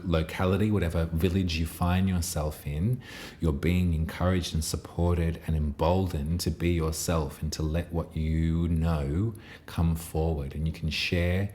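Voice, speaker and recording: Speaking in a very low, soft voice, a man offers a gentle and reassuring tarot reading. His thoughts wander as he trails off, restarts phrases, and leaves long pauses, with a faint ambient hiss in the background.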